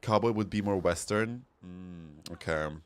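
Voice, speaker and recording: A man's voice: deep voice, unhurried, clean tone, faint music behind. A man from Bosnia, streaming a game and chatting casually with a joking, giggly, self-mocking manner. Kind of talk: casual gaming stream chat.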